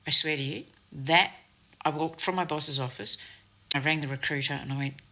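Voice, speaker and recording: A woman's voice: deep voice, animated, fairly quick, sharp tone. An Australian woman telling a workplace story in a blunt, sarcastic manner, swearing freely. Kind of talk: casual anecdote.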